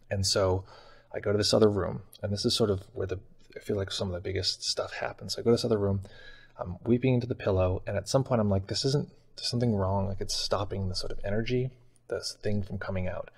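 A man's voice: low-pitched, gravelly, slightly rough. A man telling a personal story in a casual, rambling way, with many fillers. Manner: casual and rambling, heavy use of "like". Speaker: meditation channel host.

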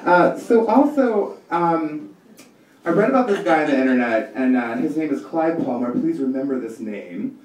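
A man in his thirties doing a stand-up comedy set, ranting in an exasperated, profane way. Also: on the high side. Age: 30s. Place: comedy club stage before a live audience. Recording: echoey room, distant mic, loud audience laughter.

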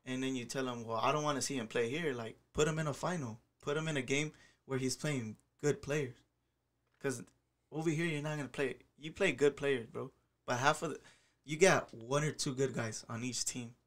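Man, middle pitch, casual podcast talk, slangy and profane. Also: fairly bright tone. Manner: casual, profane, fast with filler words. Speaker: podcast guest, soccer player.

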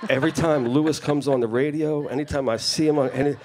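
A man's voice: on the high side, a little fast. A man telling family stories to an audience, acting out the people he quotes. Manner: animated anecdote-telling, acts out quoted voices. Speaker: festival speaker sharing family stories. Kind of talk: storytelling talk to an audience.

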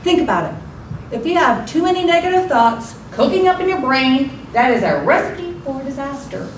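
A woman's voice: high-pitched, sing-song, normal speed. A woman in her forties giving a motivational contest speech with a theatrical, emphatic delivery. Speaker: contest speaker. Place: club meeting room. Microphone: far room mic. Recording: echoey room from far off, noisy.

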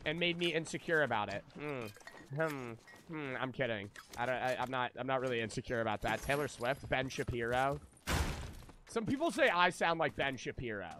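A man's voice: medium pitch, background noise. A man live-streaming a video game, chatting casually with viewers and swearing freely as he rambles. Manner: profane, rambling, talks to chat.

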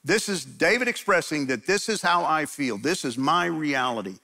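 A man's voice: a little high, animated, normal speed, bright, forceful tone. A man pastor preaching a sermon in a church, conversational and emphatic, often restarting his sentences.

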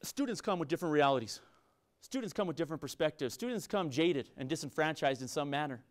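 Man, middle-aged, San Luis Valley Colorado accent, higher pitch, earnest lecture, repeats and restarts. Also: animated, fast talker. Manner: earnest, repetitive, frequent restarts. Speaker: university business professor. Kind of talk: public lecture to students.

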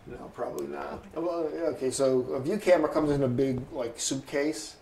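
A man in his sixties telling stories in an oral history interview, lively and anecdotal, often chuckling. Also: medium pitch, moderate pace, echoey room, slight background noise, poor audio. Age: 60s. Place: interview booth.

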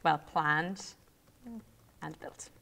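A young Irish woman with a slightly low, smooth and clear voice talks through a classroom demo. She is chatty and thinks aloud, with plenty of ums as she works. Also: steady tone, extremely slow, sharp tone. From Ireland. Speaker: co-host teacher. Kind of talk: casual classroom demo while playing.

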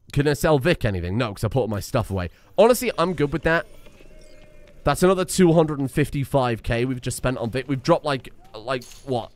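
A man's voice: mid-range voice, no room sound. A man streaming a video game, rambling and self-mocking, swearing casually as he goes. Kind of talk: casual gameplay commentary.

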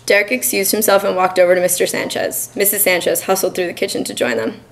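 A young woman student reading her own short story aloud at a college reading, in an even, measured manner. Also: on the low side, low-quality recording. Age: young adult. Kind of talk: literary reading.

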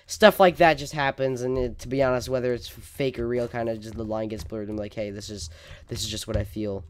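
A man's voice: mid-range voice, fairly even intonation, a little fast, clear, resonant tone. A man hosting casual gameplay commentary, melodramatic and overreacting, stammering, sometimes leaning away from his desk microphone. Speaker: gaming video host.

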